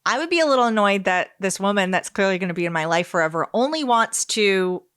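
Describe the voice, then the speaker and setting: A woman's voice: medium pitch, animated, quick pace, fairly bright tone, clean tone. A woman co-hosting an advice podcast, chiming in casually with wry opinions.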